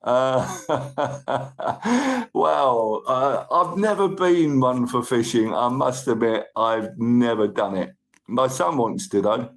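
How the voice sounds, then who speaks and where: A British man hosts a casual livestream, chatting his way through viewer comments. His voice is croaky, with a gravelly edge. His pitch bounces around animatedly as he gets a little overexcited. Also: lively intonation, takes it slowly. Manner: chatty and upbeat, easily overexcited. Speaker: livestream host.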